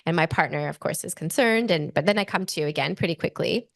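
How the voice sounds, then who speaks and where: A woman in her forties with an Australian accent, a podcast guest telling a personal story in an animated way, full of "like" fillers. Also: low-pitched, fast, gravelly, no room sound, studio quality. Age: 40s.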